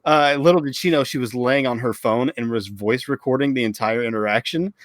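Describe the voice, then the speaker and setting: A man's voice: medium pitch, brisk, no echo, clean studio sound. A young man co-hosting a podcast, telling stories in casual chat with a joking manner and acted-out quotes. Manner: joking storyteller, acts out quotes. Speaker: podcast co-host.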